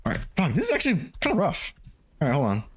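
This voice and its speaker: A man's voice: fairly high pitch, wildly swooping pitch, fast talker, slightly rough. A man streaming a game live, talking through it with constant swearing and panicky outbursts. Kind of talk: live gameplay commentary.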